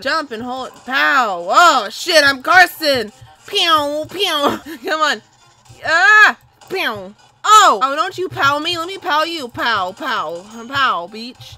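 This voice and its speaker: Young woman gamer, high and bright, yelps and swears through play, game music faint behind. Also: lively intonation, unhurried. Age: young adult. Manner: loud, cursing, squealing reactions. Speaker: gaming video host. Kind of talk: excitable gameplay commentary.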